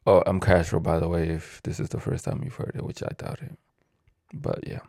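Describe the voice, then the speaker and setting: A man's voice: deep voice, level tone, brisk, a little mellow, no echo, studio quality. A man from ranting casually on his own video, profane and rambling, stumbling over words as he reads the news aloud. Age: adult with a child. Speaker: vlogger.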